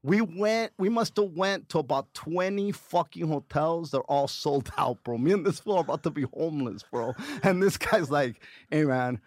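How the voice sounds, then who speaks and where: A comedian in his forties telling a wild story in casual chat, animated and profane, laughing as he goes. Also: on the high side, moderate pace, hardly any pauses.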